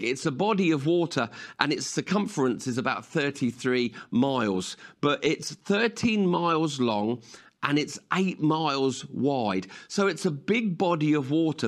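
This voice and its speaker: A man pastor preaching a sermon, retelling a story in a conversational, vivid way. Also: on the high side.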